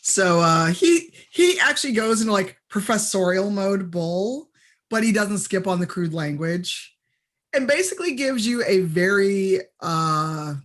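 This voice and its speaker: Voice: medium pitch, expressive, unhurried, a bit bright. A game master narrating a tabletop role-playing game in a casual, rambling way, full of fillers.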